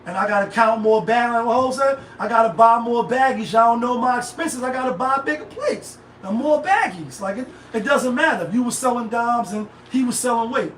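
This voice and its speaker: A middle-aged man hosts a casual live stream and drifts from one thought to the next in heavy slang. His voice sits high and carries room echo, picked up by a phone set a bit away from him. There is a faint hiss underneath. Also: a little fast, few pauses, fairly bright tone, far from the mic. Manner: rambling, digressive, heavy slang and filler. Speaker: livestream host. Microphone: phone set back from the speaker. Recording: echoey room, voice off-mic.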